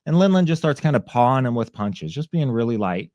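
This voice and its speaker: A man's voice: medium pitch, brisk, dry recording, muffled recording. A man, a former fighter, telling a story as a podcast guest and acting out the voices of the people in it. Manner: lively storyteller who acts out other people's shouts. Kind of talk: animated storytelling in a conversation.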